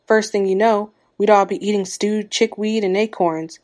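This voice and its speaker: A woman's voice: mid-range voice, steady tone, normal speed, darkish tone, pitched above the performer's own voice, close to an everyday voice. A woman voicing a stubborn, grumbling old man from a village in a read-aloud story, petulant and scornful.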